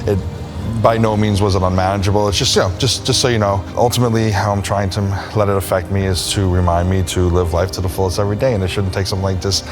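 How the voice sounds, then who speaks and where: A man's voice: sits low, fairly even intonation, fast talker, music in the background. A man vlogging from his car, rambling with lots of fillers as he talks about a doctor visit. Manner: anxious then relieved, rambling with many fillers. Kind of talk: personal vlog, talking to camera.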